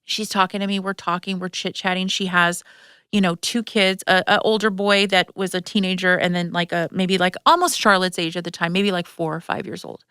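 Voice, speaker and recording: A woman with a lowish, somewhat bright, clean-toned voice speaks briskly as she hosts a podcast. She shares a personal story frankly and emotionally, in tears at points, with plenty of swearing and fillers, recorded at studio quality without room sound.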